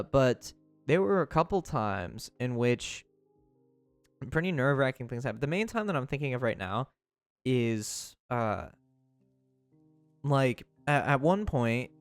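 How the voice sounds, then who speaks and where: A man's voice: medium pitch, lively intonation, unhurried, smooth, no room sound, faint music behind. Young man rambling through a story. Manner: rambling storytelling with many fillers and restarts. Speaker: livestreamer. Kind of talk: casual chat.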